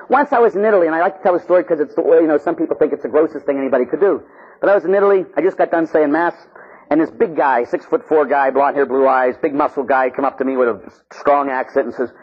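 A man preaching a sermon as a priest, intense, swinging between loud pleading and hushed tones. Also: medium pitch, fast, slightly rough, dull audio.

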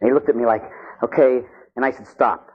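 A man preaching a sermon as a priest, intense, swinging between loud pleading and hushed tones. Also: medium pitch, steady tone, fairly quick, breathy edge, narrow, tinny audio.

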